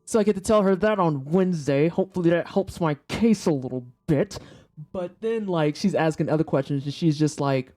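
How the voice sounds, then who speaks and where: Speaking into a desk mic meant for headphone listeners, a blunt, candid streamer in her thirties swaps stories with viewers and doesn't hold back on swearing. She has a low, mellow voice, talks a little fast, and faint music plays behind her.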